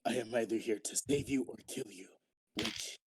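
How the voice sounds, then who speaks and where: A man voicing a dragonborn warrior, speaking in a gruff, husky voice. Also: mid-range voice, moderate pace, noisy background, natural voice.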